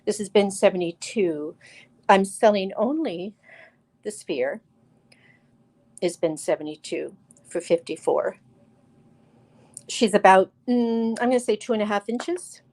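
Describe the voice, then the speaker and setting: A woman's voice: mid-range voice, unhurried, long pauses, a little mellow. A woman hosting a live crystal sales show, talking chattily with lots of fillers and restarts, calling out viewers by name. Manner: addresses viewers by name while showing stones. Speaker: live sale host.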